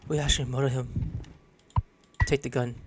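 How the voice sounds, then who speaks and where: A man playing a horror game and commenting, excitable, swearing and yelling at the screen. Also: fairly high pitch, heavy background noise. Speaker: gamer. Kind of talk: let's play commentary. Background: game music.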